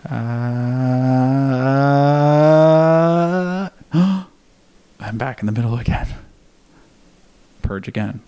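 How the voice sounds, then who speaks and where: A man with a somewhat low voice and a gravelly, fry-edged texture tells a personal story in a relaxed, candid way. He laughs now and then and swears freely as he talks. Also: slight background noise. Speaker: podcast guest. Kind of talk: casual storytelling.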